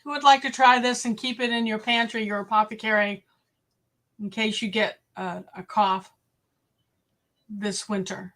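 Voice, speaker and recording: A woman's voice: mid-range voice, steady tone, normal speed, long pauses, a bit bright. A woman hosting a casual livestream, chatting directly with her viewers. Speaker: homestead livestream host. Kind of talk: casual live-stream chat.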